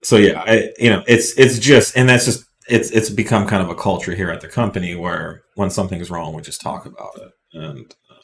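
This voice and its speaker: A man's voice: low-pitched, a little fast, gravelly. A man hosting a casual live Q&A, talking bluntly and rambling with many fillers and restarts. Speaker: company representative hosting live Q&A.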